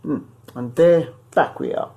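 Male podcast host, gravelly voice, casual and rambling. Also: fairly high pitch, sing-song, darkish tone. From Zimbabwe. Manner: loose and rambling, with many pauses and restarts.

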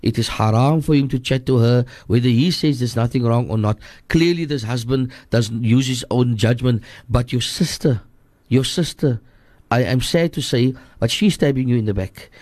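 A man's voice: mid-range voice, normal speed, darkish tone, no echo. A man with a Cape Town accent advises callers on a radio show. He speaks earnestly and repeats his points, slipping into Afrikaans. The studio sound is dry and close. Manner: earnest, repetitive, switches into Afrikaans. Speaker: radio guest scholar answering listener questions. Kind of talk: radio advice call-in.

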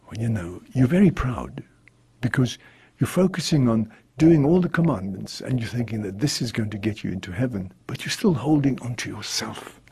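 Priest reading out a calm male teacher, measured and solemn, voice rises and falls a lot. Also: mid-range voice, gravelly, breathy edge, no echo, exaggerated voice. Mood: gentle, earnest. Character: calm male teacher giving moral counsel.

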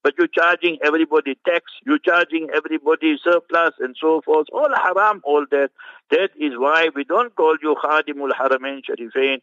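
A man with a fairly high voice delivers a fervent, scornful commentary on a Friday sermon, weaving in rapid Arabic recitations. The sound is dull and muffled, like a radio broadcast, and dry with no room around it. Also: bright, forceful tone, dry recording. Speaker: religious scholar commenting on a sermon.

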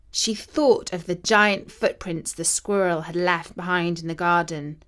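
A woman narrating a children's story in a measured, expressive way. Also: lowish voice.

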